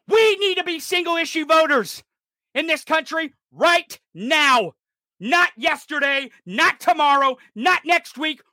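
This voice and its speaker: A man's voice: very high voice, sharp tone, no room sound, studio quality. Furious profane man ranting in his thirties. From rural United States. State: enraged. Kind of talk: angry political rant.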